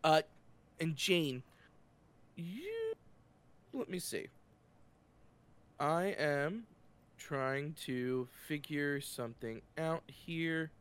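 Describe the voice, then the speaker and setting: A man's voice: on the high side, very animated, drawn-out words, long pauses, fairly bright tone, clear, resonant tone. A man narrating a tabletop game as game master, talking casually and describing scenes loosely with fillers and restarts.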